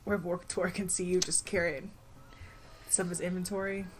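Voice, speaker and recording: A woman player at a tabletop game, chatting casually with quick joking asides. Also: on the low side, level tone, background noise.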